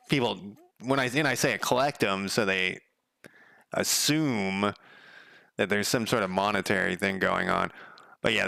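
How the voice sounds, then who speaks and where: Gravelly-voiced man rambling casually. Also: on the low side, bright, forceful tone, dry recording, clean studio sound. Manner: rambling storyteller, swears casually, chuckles often. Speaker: game developer streamer. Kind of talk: casual chat. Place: home.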